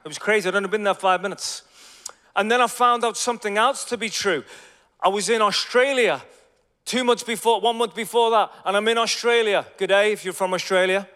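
Male preacher, energetic storytelling sermon, slightly high voice, reverberant hall. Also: brisk. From Ireland. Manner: energetic, conversational, swings from loud to hushed.

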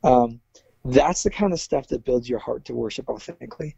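A man's voice: mid-range voice, fairly quick, gravelly, mellow, husky, dry recording, highs cut off. A man who is a worship leader, speaking earnestly in a casual interview, with many fillers and restarts.

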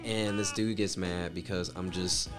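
A man's voice: low voice, steady tone, normal speed, over music. A man chatting casually as a guest, telling stories in a rambling, profane way full of fillers. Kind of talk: casual storytelling chat.

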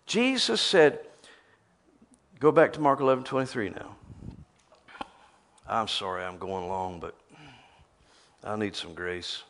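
A man's voice: fairly low pitch, animated, slow, pauses often, fairly bright tone. A man preaching a sermon, reading scripture aloud and teasing the crowd with rhetorical questions.

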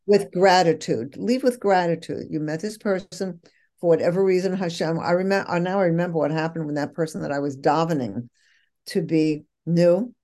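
Brief: woman guest, low-ish mellow voice, reflective and earnest. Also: fairly even intonation, brisk. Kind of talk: casual conversation.

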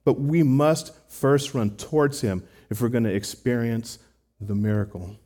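Earnest preaching man, mellow voice. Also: medium pitch, unhurried. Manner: earnest, conversational preaching with rhetorical asides. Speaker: pastor. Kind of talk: sermon.

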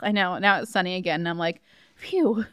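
A woman's voice: fairly low pitch, fairly quick, smooth, no room sound, studio quality. A woman co-hosting a podcast in casual chat, laughing often and swearing freely. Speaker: podcast co-host.

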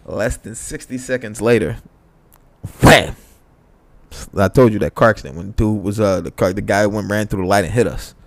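A man's voice: on the low side, normal speed, no echo. A man telling a story in a loose, profane, casual chat. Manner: loose, profane storyteller who acts out dialogue.

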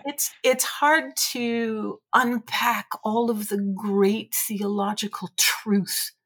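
A woman guest on a podcast, reading a passage aloud and then reflecting on it in an earnest, measured way. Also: fairly high pitch, steady tone, a bit bright. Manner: earnest and measured, with halting restarts when telling a personal story.

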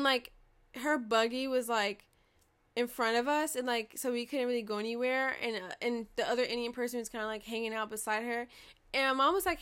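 Fast-talking, profane young woman vlogger. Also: a little high, clear, resonant tone. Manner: fast, profane, animated retelling with quoted dialogue. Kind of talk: casual storytelling monologue. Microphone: desk microphone.

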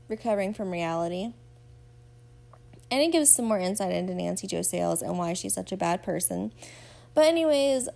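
Gravelly-voiced woman podcast host. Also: mid-range voice, mellow. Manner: chatty, gushing, addresses listeners directly. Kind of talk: casual chat recapping a show.

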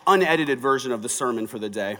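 A pastor preaching a sermon, reading scripture and then talking it through in a conversational, sometimes emphatic way. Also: male voice, medium pitch, animated, fast, sharp tone, big-room sound.

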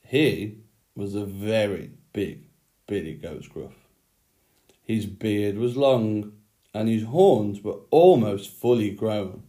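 Man teacher reading to kids, slow and clear, lowish voice. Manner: slow, clear, expressive storytelling. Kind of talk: reading a story aloud to children, then a handwriting lesson.

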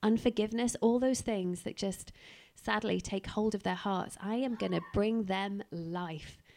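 Woman preacher reading Jesus: resolute, loving adult man, earnest and emphatic, slight fry. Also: medium pitch, measured pace, a little mellow, close to an everyday voice.

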